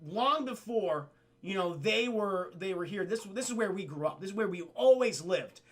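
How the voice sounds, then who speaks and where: A man's voice: high voice, expressive, normal speed. A man voicing a tense, resentful female gargoyle warrior who speaks indignantly.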